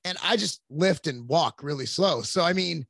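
A man's voice: fairly high pitch, animated, moderate pace, gravelly, fairly bright tone, no echo. A man in his forties, a podcast guest, telling long rambling stories in casual chat with plenty of cursing. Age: 40s. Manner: rambling, profane storytelling.

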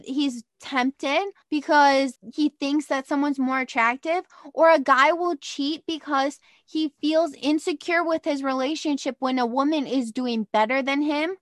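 Chatty high-voiced young woman. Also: no echo, clean studio sound. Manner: chatty, animated storyteller, frequent "like". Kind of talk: casual chat.

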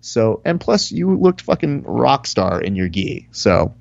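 Animated man telling stories, dull dry sound. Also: medium pitch, unhurried, vocal fry, dry recording. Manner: animated storytelling, mimics people, swears. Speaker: podcast co-host. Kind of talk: casual podcast chat.

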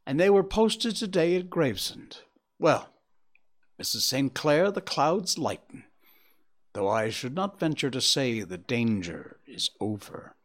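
A sharp Victorian detective, read by a man, laying out his deductions in a measured, clipped way. His voice rises and falls with lively emphasis as he reasons it through, like a storybook reading. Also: mid-range voice. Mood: deducing. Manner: brisk deductive explaining, measured. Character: Victorian male detective, keen, clipped and analytical.

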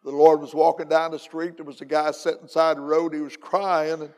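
An older evangelist with a slightly high, gravelly voice preaches a folksy sermon full of jokes and "uh"s. His words ring with a long echo through a church hall. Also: level tone, fairly quick, a little mellow. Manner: folksy, joking, with many fillers. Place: church sanctuary.

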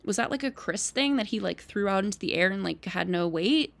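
Young woman podcast host, casual chatty recap, heavy vocal fry. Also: medium pitch, brisk. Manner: chatty, lots of "like" and "um", animated asides. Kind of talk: casual solo recap chat.

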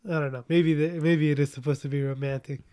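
A young man co-hosts a casual movie review chat, his voice sitting a little high. He rambles and jokes, often trailing off mid-sentence. The sound is dry and close, with no room around it. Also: steady tone, fast talker, mellow, smooth, no room sound. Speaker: podcast co-host.

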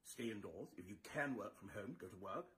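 A man's voice: on the low side, lively intonation, fairly quick, a bit bright. A man impersonating a bumbling male politician who gives muddled, contradictory orders in a comedy sketch. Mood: blustering. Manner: contradictory, blustering.

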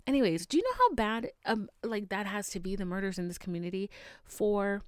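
A woman hosting a podcast in casual chat, animated, chatty and freely profane. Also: medium pitch, no echo, clean studio sound. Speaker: podcast host.

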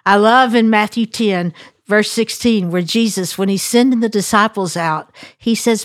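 A woman's voice: medium pitch, moderate pace, no echo, clean studio sound. A woman telling a family story in a devotional podcast segment and tying it to scripture in an anecdotal, storytelling way.

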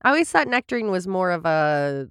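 A woman with a lively, swooping voice chats through an episode recap, laughing easily and tripping over her own reading. The sound is dry and close. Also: lowish voice, normal speed, clean tone, no echo. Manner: laughs often, reads summaries aloud and trips over words. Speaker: podcast co-host. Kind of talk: casual chat recapping a sitcom episode.

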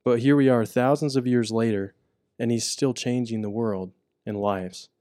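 A young man co-hosting a podcast, talking earnestly in casual chat and getting animated as he retells a story. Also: medium pitch, normal speed, no room sound, studio quality. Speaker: podcast co-host.

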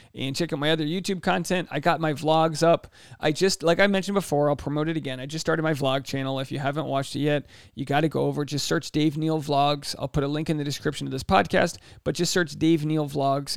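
Gravelly-voiced man in his thirties hosting a podcast. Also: fairly high pitch, dry recording, clean studio sound. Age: 30s. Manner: casual, jokey advice with quick asides. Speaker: podcast host. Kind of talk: solo podcast, reading listener questions. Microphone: podcast mic in a home studio.

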